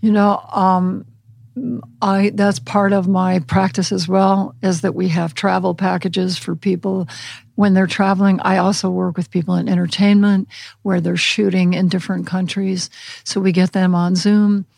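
A woman counselor answering podcast interview questions in a measured, explanatory way, with a gravelly voice. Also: medium pitch, little pitch movement, darkish tone, dry recording. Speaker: animal communication counselor.

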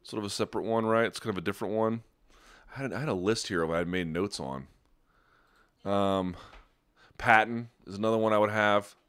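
A man hosting a podcast, telling stories and chatting casually with a rambling, profane, animated delivery. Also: fairly low pitch, a little fast, long pauses, clean tone. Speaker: podcast host. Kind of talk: casual chat and storytelling.

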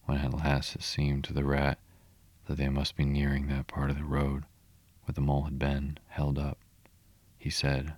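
Guy reading a storybook out loud, really deep voice, very flat, dry close sound. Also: normal speed, no room sound. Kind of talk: reading a children's classic aloud.

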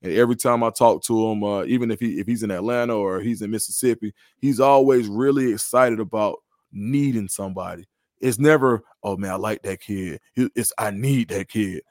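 A man's voice: on the low side, brisk, no room sound, studio quality. A man, a guest analyst in a podcast interview, talks through football recruiting in a confident, analytical way. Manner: confident, analytical, animated storytelling.

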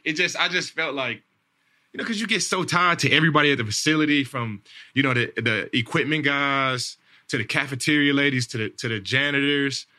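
A man's voice: mid-range voice, bright, forceful tone. A man in his thirties hosting a podcast, telling a story in a rambling casual way, repeating words and saying "man" and "like" a lot. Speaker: podcast host, NFL player.

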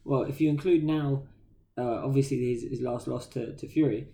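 Gravelly, mellow British podcast host. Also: male voice, medium pitch, normal speed. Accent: British English. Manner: slangy, animated storytelling. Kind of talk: casual chat.

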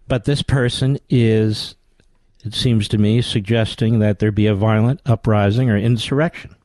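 A man's voice: fairly low pitch, fairly even intonation, normal speed, a little mellow, no room sound. Sarcastic, combative talk radio man. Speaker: radio talk show host. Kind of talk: political talk radio commentary.

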